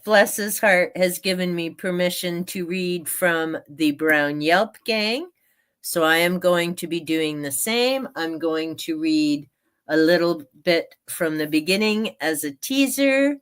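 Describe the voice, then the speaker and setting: A woman talks through her reading plans on a live stream in a loose, wandering way and laughs a lot. Her voice sits a little low. She takes her time over every phrase. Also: fairly bright tone, clear, resonant tone. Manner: chatty and meandering, laughs often. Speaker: book channel host. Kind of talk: casual live-stream chat.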